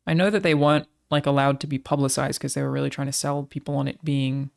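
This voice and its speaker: A woman's voice: very deep voice, level tone, fast, creaky. An Australian woman streamer chatting casually with her live audience, swearing freely as she talks.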